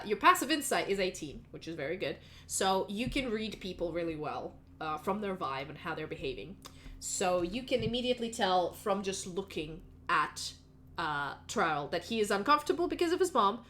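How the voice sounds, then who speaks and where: A woman's voice: mid-range voice, fairly bright tone, slight background noise. A woman narrating as game master, explaining scenes in a chatty way with many fillers.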